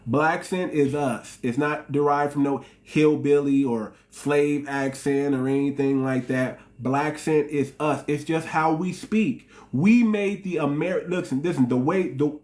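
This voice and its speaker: A man's voice: on the high side, a little mellow. Heated American man ranting in commentary. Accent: African American English. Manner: heated, repetitive, mocking, sarcastic. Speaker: channel host. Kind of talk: solo commentary rant.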